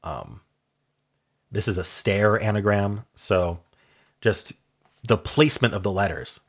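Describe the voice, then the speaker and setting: A man's voice: fairly low pitch, slow pace. A man casually explaining word-game statistics in a chatty, curious way, with ums and self-corrections. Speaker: puzzle video creator. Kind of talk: casual explainer talk over screen.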